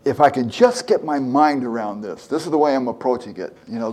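A man's voice: medium pitch, brisk, few pauses, a little mellow. A man in his seventies preaching a conversational sermon, earnest, repeating phrases for emphasis and acting out prayers. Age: 70s.

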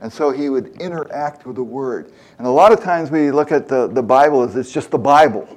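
A man's voice: medium pitch, a little fast, darkish tone. A man in his seventies preaching a conversational sermon, earnest, repeating phrases for emphasis and acting out prayers. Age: 70s.

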